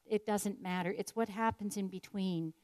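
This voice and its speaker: A woman's voice: medium pitch, steady tone, moderate pace, a little mellow. Older woman telling a reflective story. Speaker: speaker sharing a personal story. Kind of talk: personal devotional talk.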